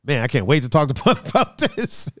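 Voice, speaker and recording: A man from Brazil hosts a relaxed, profane conversation, laughing often. His voice sits a little high and swings widely in pitch. The sound is dry and close. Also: brisk, no room sound. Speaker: podcast host. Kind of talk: casual chat.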